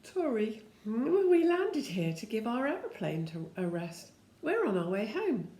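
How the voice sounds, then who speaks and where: A woman's voice: a little high, sing-song, a little slow, warm tone, pitched above the performer's own voice. An older woman voicing a plucky young boy flying a plane in a storybook, in an echoey room. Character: brave young boy pilot.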